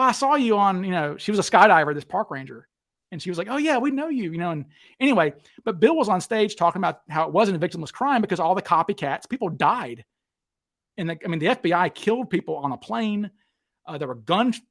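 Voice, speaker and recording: A man hosting a casual chat, retelling stories with lively acted-out quotes. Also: high voice. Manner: animated, acts out quotes with raised voice. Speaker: podcast host.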